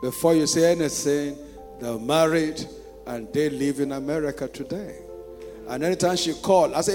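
Preaching in a Nigerian accent, this pastor fires rhetorical questions at the congregation and alternates between quiet storytelling and loud shouting. His voice is a little high at a normal pace, echoing in a church hall with music playing.

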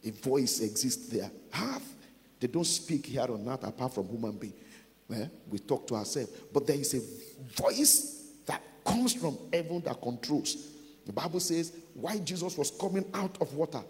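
A man preaching a sermon, building from calm teaching to loud, emphatic declarations. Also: mid-range voice, long reverb tail.

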